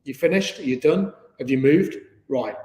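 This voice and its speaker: A man's voice: medium pitch, moderate pace, dark tone. Easygoing male yoga teacher, echoey room. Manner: easygoing, chatty, many fillers. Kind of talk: live online yoga class. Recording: echoey room with long reverb.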